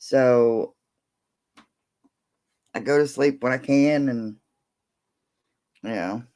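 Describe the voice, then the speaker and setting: A woman's voice: extremely low pitch, drawn-out words, mellow. An older woman hosting a late-night casual livestream, rambling as she reads out viewer comments and talks to her dog in between. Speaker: livestream host.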